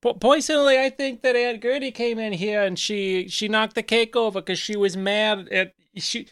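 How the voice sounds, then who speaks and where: Man doing a falsetto scheming aunt. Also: fairly even intonation, normal speed, a bit bright, smooth. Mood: sugary, scheming. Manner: high falsetto, sugary and scheming. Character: pushy middle-aged aunt, litigious and entitled.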